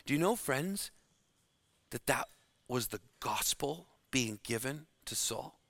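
A man preaching a sermon, slow and dramatic, dropping to a hush to stress key words. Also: mid-range voice, animated, creaky, no room sound.

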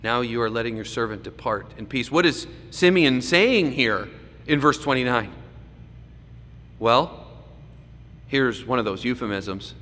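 A man preaching a sermon, swinging between loud emphasis and hushed asides. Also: mid-range voice, a little slow. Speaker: pastor. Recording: echoey hall with faint background noise.

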